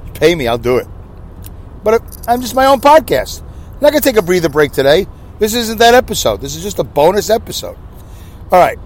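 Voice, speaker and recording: A man in his sixties with a New York accent, hosting a solo podcast in a jokey, self-deprecating, rambling way. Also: high voice. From Brooklyn, New York. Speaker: podcast host.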